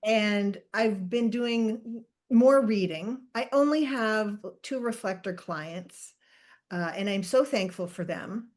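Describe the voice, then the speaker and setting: A woman hosting a podcast in casual chat, animated and jokey, thinking aloud as she explains. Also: mid-range voice, slow pace. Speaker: podcast host and Human Design reader.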